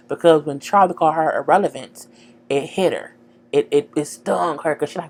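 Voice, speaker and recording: A woman casually recapping a TV episode, slangy and animated, talking straight to her viewers. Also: low voice, brisk. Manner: animated, slangy, acts out dialogue, chats to viewers. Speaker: TV show recapper.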